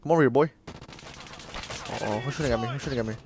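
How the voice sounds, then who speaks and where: Excitable, profane young man gaming. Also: medium pitch, racing, noisy background. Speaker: gamer. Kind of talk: casual gameplay commentary.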